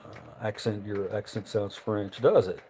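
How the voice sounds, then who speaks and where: A man's voice: lowish voice, steady tone, measured pace, mellow, a little hiss or hum. A man with a Tennessee Southern accent, from Memphis, chatting casually and profanely on his livestream while answering viewer chat. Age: adult, married. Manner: rambling, profane, reads viewer chat aloud. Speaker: livestream host.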